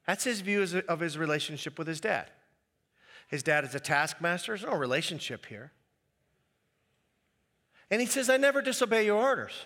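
Male pastor, high bright voice, animated sermon, echoey church hall. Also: normal speed, long pauses. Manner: animated, acts out quoted voices.

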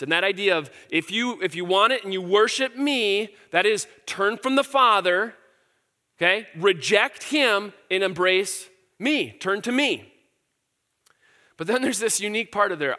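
This middle-aged pastor speaks at a moderate pace with a high, pushed, bright voice and lively intonation. His sermon is conversational and sincere, explaining scripture with frequent fillers and repeated words.

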